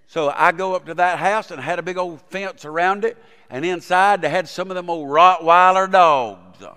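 Pastor, folksy storyteller turned fervent preacher, clear ringing voice, church hall echo. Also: male voice, high-pitched, normal speed, pushed and bright. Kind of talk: sermon. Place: church sanctuary.

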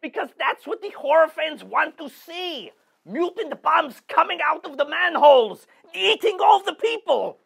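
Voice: sits high, animated, measured pace, gravelly, a bit bright, full character voice. A performer voicing the cranky ghost of an old male horror host, speaking over a phone call with a put-on French accent and a rude, scolding manner.

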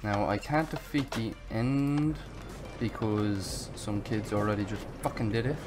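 Excitable young man narrating gameplay, unhurried. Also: fairly low pitch, over loud music. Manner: excitable, swears often, talks to himself while playing. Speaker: gaming channel host. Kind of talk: live gameplay commentary.

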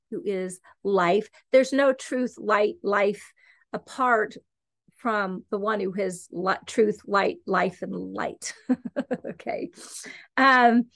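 A woman's voice: mid-range voice, takes it slowly, fairly bright tone. Earnest woman teaching the Bible casually. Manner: earnest and conversational, with frequent "okay" and "right". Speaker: podcast host and Christian teacher.

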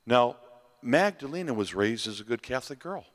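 A man telling a dramatic story as a festival sermon, pausing and repeating phrases for effect. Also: mid-range voice, expressive. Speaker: festival speaker. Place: large hall at a festival. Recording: reverberant hall.

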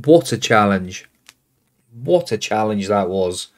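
A man's voice: on the low side, animated, slow pace. A man hosting a football management game, calling out player names and reacting with exasperation as play unfolds. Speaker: gaming host. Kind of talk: casual game commentary.

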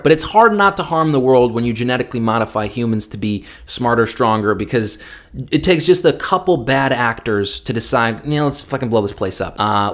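Dude ranting on his vlog, swears a lot, jokes around, normal pitch. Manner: joking, profane, rambling. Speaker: vlogger. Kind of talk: casual opinion vlog.

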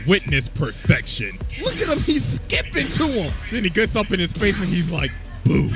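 A man narrates a comedic anime recap with crude slang and a playful, animated voice that swings widely in pitch. His voice sits a little high, and clear music plays behind him. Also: brisk.

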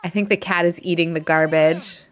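A woman's voice: on the low side, steady tone, moderate pace. A chatty woman streaming a life-sim game, narrating what she sees with little laughs. She talks straight at her characters in a friendly, easygoing way, as if they could hear her. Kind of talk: live gameplay commentary.

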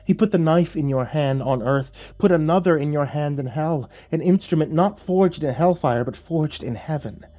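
A man voicing a gentle, sorrowful angel. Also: on the high side, pitched above the performer's own voice, lightly acted. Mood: solemn, gentle. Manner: soft, solemn, slow and pleading. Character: gentle male angel messenger, sorrowful and patient.

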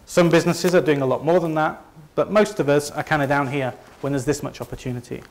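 Speaking fast with fairly even intonation and a fairly high pitch, a man from Leeds presents for his company to a live audience. He has a Northern English accent, hails from the north of England, and keeps his tone conversational and self-deprecating.

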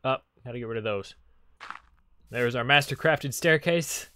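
A man's voice: medium pitch, normal speed, bright, forceful tone, slight background noise. A young man hosting a casual Let's Play, talking to creatures in the game and reacting with sudden panicky outbursts. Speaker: gaming channel host.

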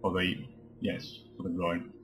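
A man's voice: sits low, completely flat delivery, unhurried, very noisy. A man giving casual, joking commentary while playing a video game, chatting to his party members and swearing now and then. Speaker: let's play commentator.

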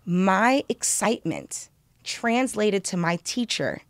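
A young woman telling a story in casual podcast chat, animated and excitable, swearing freely. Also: medium pitch, slow, no room sound, clean studio sound. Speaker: podcast co-host.

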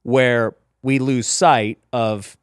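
A man in a podcast conversation talks with emphatic conviction, dropping in "right?" and "you know" as he goes. His voice sits at a middling pitch and sounds close and dry. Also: steady tone, very slow, no echo. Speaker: podcast host. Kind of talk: casual faith and business talk.

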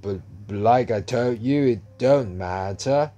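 A man voicing a weary old street beggar who answers in slow, clipped, grudging phrases. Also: mid-range voice, mellow, natural voice. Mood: gruff.

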